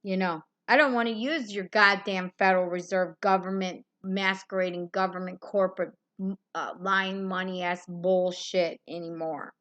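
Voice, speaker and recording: A woman's voice: medium pitch, steady tone, moderate pace, fairly bright tone, lo-fi sound. A woman on a live stream, delivering a furious, rambling rant full of swearing.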